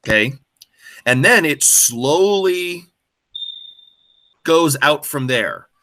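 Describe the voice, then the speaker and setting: A man's voice: on the high side, animated, very slow, bright, forceful tone, no room sound. A man tutoring classmates, patiently walking them through a history question by prompting them with questions. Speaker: student tutor. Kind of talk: explaining a history essay question.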